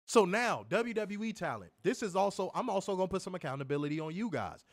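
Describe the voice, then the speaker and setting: A man's voice: high voice, expressive, fast talker. A man co-hosting a wrestling podcast, ranting heatedly with plenty of profanity in a casual, fired-up way.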